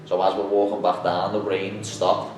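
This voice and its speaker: Young guy, low voice, animated casual storyteller, recorded far from the mic in a very echoey room with faint hiss. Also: normal speed. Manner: animated storytelling, acts out quotes. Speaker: podcast guest, MMA fighter. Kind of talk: casual chat.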